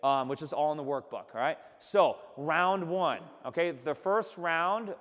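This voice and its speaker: A man's voice: on the high side, lively intonation, unhurried, fairly bright tone, long reverb tail. A man teaching a live business workshop, coaching energetically and checking in with "okay?" after nearly every sentence. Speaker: workshop instructor. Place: seminar room with remote attendees.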